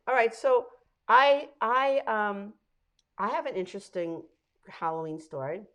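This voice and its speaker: A woman's voice: mid-range voice, slow pace, a bit bright. A woman hosting a casual podcast, chatting and telling a story. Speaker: podcast host. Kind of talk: casual chat.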